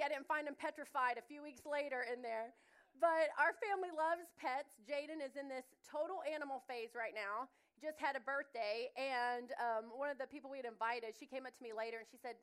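A middle-aged woman with a Southern accent gives a sermon like a friend telling stories. Her voice sits a little high, and she moves easily between jokes about family life and Bible teaching. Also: fairly quick, clean tone. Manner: chatty, humorous, expressive storytelling. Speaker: guest speaker.

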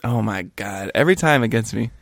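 Gravelly, playful man on a podcast. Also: fairly low pitch, expressive, brisk, no echo, studio quality. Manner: playful, teasing. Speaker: podcast co-host. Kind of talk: casual chat.

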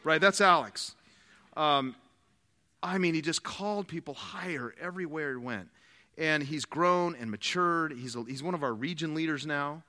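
A man preaching a sermon, telling stories with animated quoted dialogue. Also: fairly high pitch, normal speed, big-room sound. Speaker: pastor.

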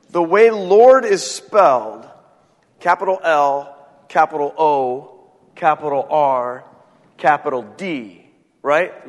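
Pastor preaching in a reverberant church. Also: male voice, fairly high pitch, animated. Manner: chatty, joking asides, halting restarts. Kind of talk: sermon. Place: church sanctuary. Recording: long hall reverb.

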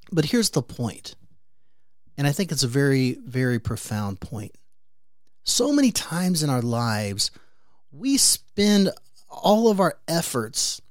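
A man hosting his own podcast, telling a personal story in an animated way and then drawing an earnest, reflective lesson from it. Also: fairly high pitch, dry recording, clean studio sound. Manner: animated storyteller who briefly acts out the neighbors' voices. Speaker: podcast host. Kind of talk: motivational storytelling monologue.

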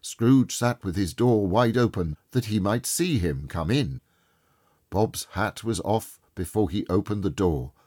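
A middle-aged man narrating a storybook with dramatic expression. His low voice carries a husky grain and moves widely in pitch. The recording is close and dry. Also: a little slow, a little mellow, no room sound. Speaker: audiobook narrator.

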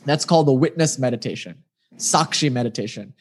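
A man teaching meditation in a patient, gently instructive way, speaking casually over a video call. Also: mid-range voice, animated, a little fast.

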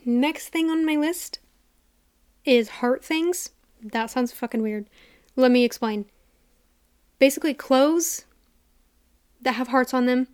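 A young woman hosting a casual solo podcast, chatty and excitable with lots of "like", a little out of breath, talking into a studio mic in a quiet room. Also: a little high, clean tone, no echo. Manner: chatty and excitable, heavy use of "like". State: a bit out of breath. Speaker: podcast host. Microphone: studio mic with headphones.

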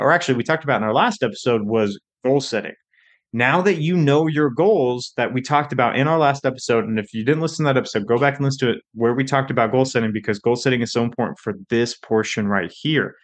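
A man who works as a financial advisor, hosting a casual educational podcast episode and explaining budgeting in a conversational way with frequent restarts. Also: medium pitch. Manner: conversational, with fillers and restarts, quick bursts.

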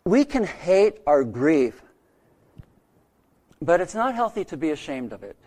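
A middle-aged man preaching a sermon, telling a story earnestly with dramatic pauses. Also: a little high, very animated, darkish tone. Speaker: pastor.

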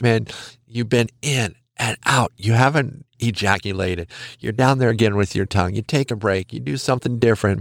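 Man, podcast host, gravelly voice, low pitch, candid and joking, dry close sound. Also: no room sound. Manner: candid, joking, conversational with frequent "you know". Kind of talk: frank casual advice monologue.

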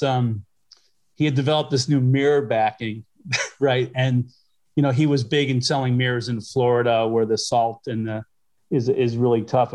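A man's voice: medium pitch, darkish tone. Brief: middle-aged male guest from Western New York, mid-range voice, loose storytelling, lots of restarts and fillers. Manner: rambling, with many restarts and fillers. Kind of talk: conversational storytelling.

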